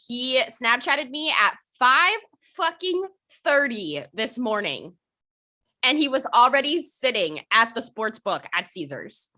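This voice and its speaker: Young woman cohosting a podcast, super bright voice, swears a lot, laughs a ton. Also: on the high side. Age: young adult. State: hiccups. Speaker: podcast co-host. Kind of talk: casual chat.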